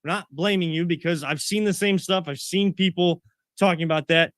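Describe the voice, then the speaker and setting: A man's voice: high voice, fairly quick, a bit bright, dry recording, clean studio sound. A man co-hosting a sports talk show, ranting and getting worked up as he makes his point. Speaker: co-host.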